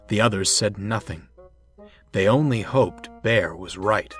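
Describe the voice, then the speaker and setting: A man narrating a storybook in a measured, expressive reading. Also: fairly low pitch, no echo. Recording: narration over clear music.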